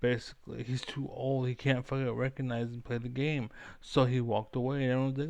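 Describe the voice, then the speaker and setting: Gravelly man ranting and swearing. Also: medium pitch, steady tone, moderate pace, darkish tone, dry recording. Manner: swearing, repetitive, self-assured. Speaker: streamer. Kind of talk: rambling profane rant.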